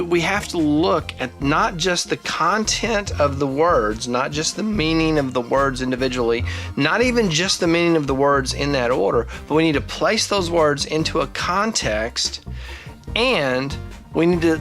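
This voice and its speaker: In a casual talking-head monologue, a man in his forties hosts his own vlog, thinking out loud and restarting often. His voice is fairly high-pitched and a bit bright.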